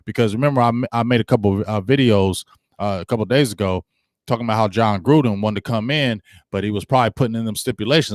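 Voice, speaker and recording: Sports host, male, animated and chatty, dry close-miked live-stream sound. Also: on the low side, fast talker, dry recording. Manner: animated, acts out quoted coaches, talks to viewers.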